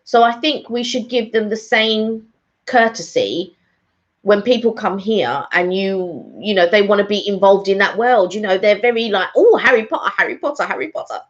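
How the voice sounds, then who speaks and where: A woman's voice: medium pitch, normal speed. A woman co-hosting a casual live stream, chatting in a rambling way with lots of fillers. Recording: dull lo-fi stream audio.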